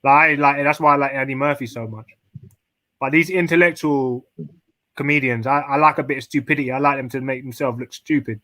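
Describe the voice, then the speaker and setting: A man's voice: mid-range voice, fairly even intonation, a little fast, pushed and bright, no echo. A man chatting casually on a podcast, rambling and slangy, laughing often. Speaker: podcast co-host. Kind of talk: casual chat.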